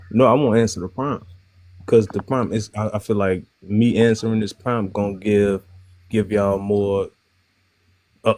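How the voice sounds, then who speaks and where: A man's voice: fairly low pitch, a little mellow, no echo. A man in his thirties with a New Orleans accent, speaking bluntly and in slang as a guest on a live online panel. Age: 30s.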